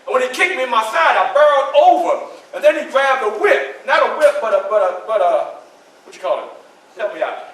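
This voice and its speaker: Playing Frederick Douglass describing his enslavement, a man addresses a library audience dramatically in a one-man historical show. He speaks a little fast in a very high, fairly bright, animated voice, and the distant recording carries heavy room echo.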